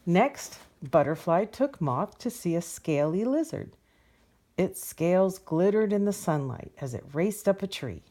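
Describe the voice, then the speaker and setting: Gentle, low, mellow woman reading a picture book aloud. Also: unhurried. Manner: gentle, expressive read-aloud. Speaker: storyteller.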